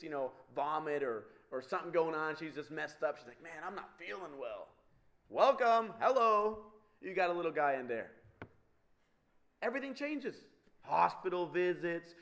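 A man giving a humorous storytelling talk to an audience, animated and acting out the voices of the people in his stories. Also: fairly high pitch. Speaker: speaker addressing an audience.

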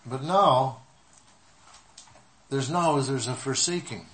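A man preaching a sermon in short measured phrases, pausing so an interpreter can follow. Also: mid-range voice, fairly bright tone. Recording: echoey room with faint noise.

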